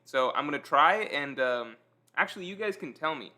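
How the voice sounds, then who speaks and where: Here the host's voice is a little high and his pace moderate. He eats while chatting casually with his live audience, pokes fun at himself in a relaxed way, and reads their chat comments aloud.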